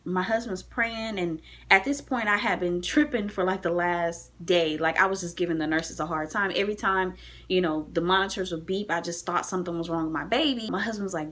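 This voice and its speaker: A woman's voice: on the low side, normal speed, a bit bright. A young woman vlogging from a hospital room, candidly and emotionally telling the story of her labor. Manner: emotional, candid, tearful at times. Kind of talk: personal storytelling vlog.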